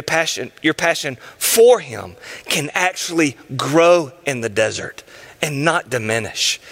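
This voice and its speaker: A man's voice: a little high, bright, forceful tone. A man preaching a sermon in an emphatic, impassioned and urgent way.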